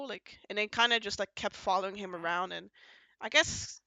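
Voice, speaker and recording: A podcast host with a bright, clear, crisp voice tells a long recap in casual chat. The host rambles with many fillers and restarts, jumping from point to point and slipping into quoted lines. The sound is close and dry. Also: mid-range voice, fairly even intonation, moderate pace, no room sound, lo-fi sound. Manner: rambling, filler-heavy storytelling that jumps between points.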